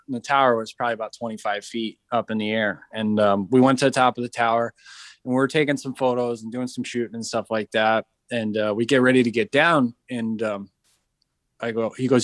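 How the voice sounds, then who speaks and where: Man, mid pitch, animated storyteller, casual podcast chat, dry close mic. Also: a little fast, dry recording. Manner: animated storyteller, acts out quoted voices. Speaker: podcast guest, veteran entrepreneur.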